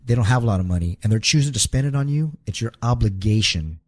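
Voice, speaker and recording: Husky low-voiced man telling a story. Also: expressive, darkish tone. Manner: halting, repeats words, relives moments aloud. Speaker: guest, wrestler. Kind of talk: casual storytelling interview.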